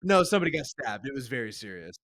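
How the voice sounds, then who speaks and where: A man's voice: mid-range voice, very animated, fast, a bit bright. A man hosting a podcast, chatting casually, telling rambling stories with wry swearing. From Chicago area. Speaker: podcast host. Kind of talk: casual chat.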